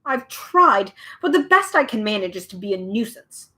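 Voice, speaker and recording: A woman voicing a meddling male bird who snatches words, in a shrill, cackling, interrupting way. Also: sing-song, normal speed, bright, forceful tone. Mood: wistful.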